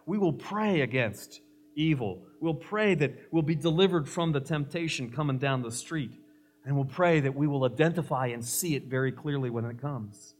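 A man's voice: on the high side, moderate pace. A male pastor preaching a sermon, emphatic, mixing scripture with humorous stories.

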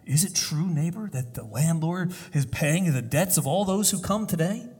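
A man's voice: fairly high pitch, lively intonation, normal speed, darkish tone, breathy edge. A man voicing a timid, hopeful old male tenant in a quavering voice, told in a sermon story. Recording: long hall reverb.

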